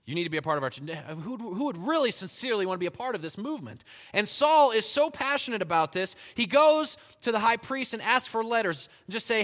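A man preaching a sermon, reading scripture and retelling it in animated storytelling style with frequent chuckles. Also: high-pitched, a little fast, few pauses. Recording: long hall reverb.

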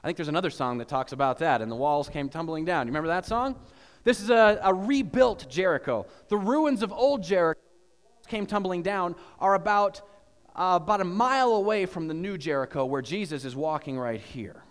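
A man preaching a sermon as pastor, telling a story with animated questions to the congregation. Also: high voice, a little fast, big-room sound. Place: church.

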